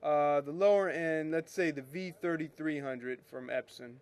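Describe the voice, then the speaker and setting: This photo retouching show host, a man with a slightly high voice, explains scanner settings at a moderate pace while working at his computer. The casual screen-share tutorial is chatty and rambling, full of self-corrections.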